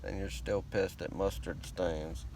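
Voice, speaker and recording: A man's voice: deep voice, fairly even intonation, measured pace, creaky, noisy background. A man with a rural American country accent and a laid-back drawl, talking in a rambling, profane, self-conscious vlog monologue. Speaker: vlogger.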